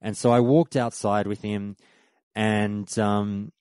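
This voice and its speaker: Brief: Australian male podcast host, lowish voice, dry close sound, loose rambling storyteller. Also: level tone, takes it slowly, a little mellow, smooth, no echo. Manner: rambling and conversational, with frequent restarts. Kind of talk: casual storytelling recap.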